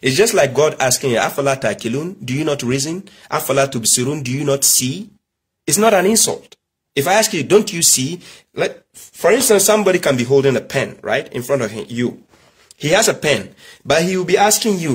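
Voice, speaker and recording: With a husky voice on the high side and big pitch swings, a middle-aged Nigerian man lectures emphatically at a moderate pace. A religious commentator, he fires rhetorical questions and recounts family stories in a preachy monologue.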